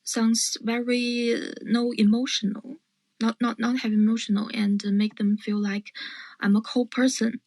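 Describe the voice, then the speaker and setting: A woman calling in to practice English, speaking in a calm, even way over a video call. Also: on the high side, normal speed, dry recording, rough recording. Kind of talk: casual chat.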